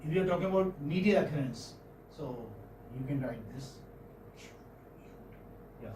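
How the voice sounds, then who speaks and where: A man's voice: fairly high pitch, lively intonation, normal speed, background noise. A man teaching phonetics in a classroom lecture, patiently checking in with his students as he goes. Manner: patient, checks in often with "okay?" and "hmm?". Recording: echoey classroom, mic far off.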